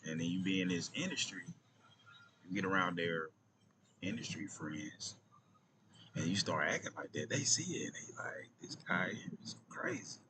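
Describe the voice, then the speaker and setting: A man's voice: sits low, lively intonation, normal speed, long pauses, noisy background. A man with an Atlanta accent telling stories in a casual vlog, loose and slangy, often dropping to near-whispers. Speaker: vlogger.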